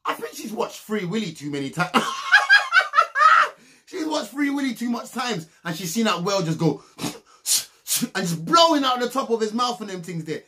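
A young man giving a comedic, mocking recap of a reality TV show, breaking into loud laughs. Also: moderate pace, heavy background noise. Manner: mocking, animated, bursts into loud high laughs.

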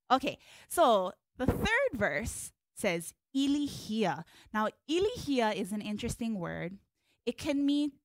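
A woman's voice: fairly high pitch, no room sound, clean studio sound. A woman teaching a hula class live. She calls out the moves and mixes Hawaiian words into her English instructions in an upbeat way.

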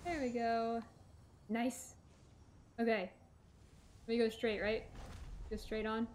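Woman streamer narrating her gameplay, kinda high voice, mutters to herself and cusses when she messes up, faint noise behind. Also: flat delivery, takes it slowly, a little mellow. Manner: talks to herself, swears when frustrated. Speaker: streamer playing a video game. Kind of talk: casual gameplay commentary.

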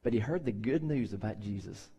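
A man's voice: lowish voice, animated, a little fast, warm tone, slightly rough. A man pastor preaching a sermon in a conversational way, acting out the people in Bible stories with voices.

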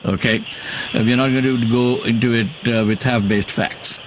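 A man's voice: medium pitch, fairly even intonation, moderate pace, background noise. A man with a non-native accent hosting political talk radio, talking in a blunt, emphatic, opinionated way. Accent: non-native English accent. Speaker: radio talk show host.

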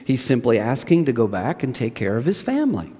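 A man's voice: mid-range voice, wildly swooping pitch, a little fast, mellow. A middle-aged man preaching a sermon as a seminary president, in a conversational, folksy storytelling manner with asides to the audience. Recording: long hall reverb.

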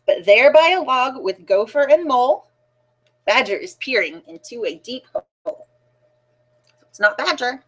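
Animated woman reading storybooks aloud. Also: on the high side, a little slow. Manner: animated, sing-song read-aloud with questions to kids. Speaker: children's librarian.

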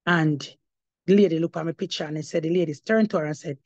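A woman's voice: low-pitched, fast talker, darkish tone, no room sound, highs cut off. A woman giving her testimony as an apostle, preaching to a congregation and slipping between English and patois, rising to emphatic cries of praise.

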